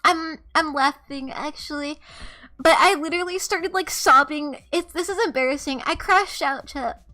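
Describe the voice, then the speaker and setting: A young woman streamer casually telling a story to her chat, animated and swearing freely, often breaking into laughter. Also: sits high, moderate pace.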